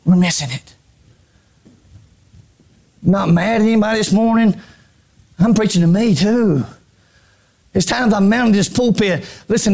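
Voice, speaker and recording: Raspy, gravelly preacher swinging high and low. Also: male voice. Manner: preaches in bursts, swinging from shouts to hushed low tones; repeats phrases, stammers on restarts. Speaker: pastor. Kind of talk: sermon. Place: church pulpit.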